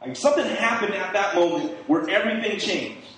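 A man's voice: sits high, brisk, a bit bright. A middle-aged man giving an informal sermon in a conversational way, with many fillers and rhetorical questions. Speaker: preacher. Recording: echoey room, distant mic, faint hiss.

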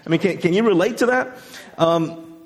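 A man with a notably high voice preaches to his congregation in an easy, conversational way and asks them questions as he goes. His words ring through a large church with a long, lingering reverb. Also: moderate pace. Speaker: pastor. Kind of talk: sermon. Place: church sanctuary.

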